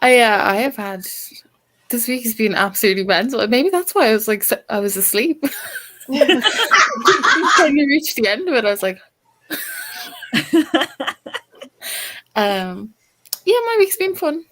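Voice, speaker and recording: A woman's voice: fairly high pitch, animated, a little slow, long pauses, fairly bright tone. A young woman on a livestream gushing through a personal story, acting out quotes in dramatic whispers and squeals. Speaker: stream co-host.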